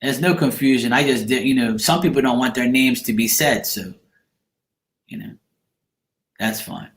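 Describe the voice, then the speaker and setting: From Bermuda, a man hosts a tarot live stream in an echoey room, speaking at a medium pitch and moderate pace. He chats casually and rambles, answering viewers' comments by name.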